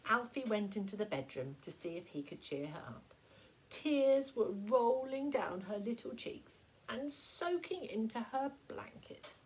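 A woman's voice: on the high side, a little hiss or hum, poor audio. Woman teacher reading a picture book aloud. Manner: expressive, slow storytelling. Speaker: primary school teacher.

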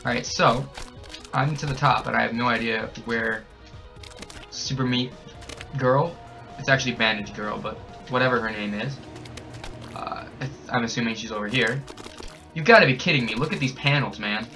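A young man hyped up on energy drinks, narrating his gameplay, yelling and cackling at every death and win. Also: mid-range voice, moderate pace, long pauses, faint music behind. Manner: excitable, shouts and cackles at the game. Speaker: gaming channel host. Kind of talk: hyper gameplay commentary. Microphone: desk mic with a camera nearby.

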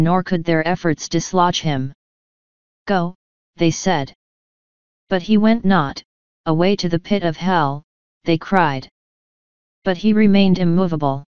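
A woman reading an old sermon aloud in a measured, declamatory manner. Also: fairly low pitch, a little mellow, clear, resonant tone, dry recording. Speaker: sermon reader. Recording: dry, slightly dull lo-fi recording.

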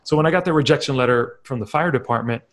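A young man speaks openly about his own path. He tells it as a reflective story and voices his past inner thoughts. His voice sits at an average male pitch. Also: fast talker, fairly bright tone. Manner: candid, reflective storytelling with acted-out inner quotes. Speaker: confidence coach. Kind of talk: personal story talk.

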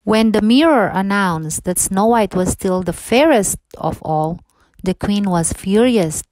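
A woman reading a children's bedtime story aloud in a gentle, expressive storytelling manner. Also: mid-range voice, takes it slowly, no echo, poor audio.

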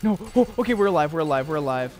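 A man's voice: on the high side, a little mellow. A man streaming a video game, giving casual running commentary, often exasperated and mocking himself. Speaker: gaming streamer. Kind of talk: casual let's-play commentary.

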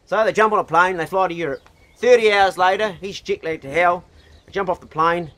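A middle-aged man with a New Zealand accent spins silly yarns between outdoor jobs, his voice sitting a little high. He talks in a relaxed, folksy way and slips into playful voices for the people in his jokes. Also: brisk. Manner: folksy storyteller, drops into put-on voices for joke characters. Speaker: vlogger. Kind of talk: casual joke-telling vlog. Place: outdoors at a house truck.

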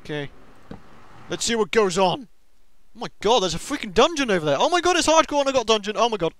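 A young man giving excitable let's-play commentary on a game, talking to himself and to the monsters. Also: sits high, fast. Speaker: gaming video host.

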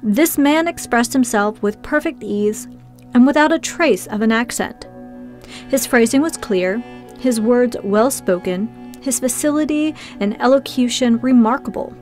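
A woman narrating a classic novel as an audiobook, reading steadily and with measure. Her voice sits somewhat high, with soft music faintly behind it. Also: unhurried. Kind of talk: first-person scripted narration.

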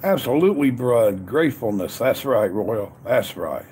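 This livestream host has a mid-range, animated, darkish voice and talks at a moderate pace, with a little hiss or hum in the audio. Grilling outdoors in the cold, he casually greets chat viewers by name again and again with cheerful catchphrases.

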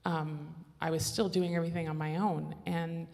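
A woman's voice: low-pitched, flat delivery, normal speed, vocal fry, a little mellow, long reverb tail. A woman giving a candid, rambling personal testimony on a church panel, often restarting her sentences. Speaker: panelist mother.

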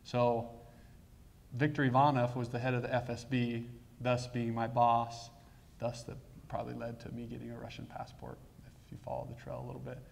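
A man in his thirties giving a talk, telling a personal story with halting restarts and quiet asides. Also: mid-range voice, monotone, vocal fry, a little hiss or hum. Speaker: guest speaker.

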